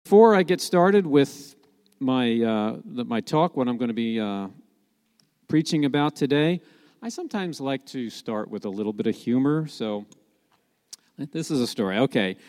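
Man, preacher, animated pitch, conversational and emphatic, joking asides, long reverb. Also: normal speed. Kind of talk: sermon.

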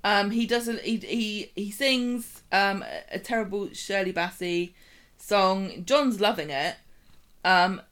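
Woman co-host, casual recap chatter, mid pitch, acts out quotes. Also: slow pace, a bit bright. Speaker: podcast co-host.

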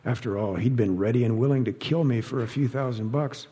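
A man reads a story aloud with dry, wry timing. His voice is husky and mellow. A long reverb trails off behind him as if in a hall. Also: medium pitch, fairly quick. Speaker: narrator. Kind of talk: audiobook narration.

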